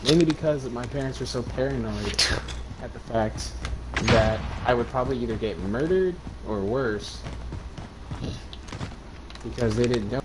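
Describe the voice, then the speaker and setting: A young man from Arizona co-hosting a podcast, telling stories in a casual, animated way and swearing freely. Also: medium pitch, measured pace, long pauses. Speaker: podcast co-host. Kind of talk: casual chat. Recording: loud background noise.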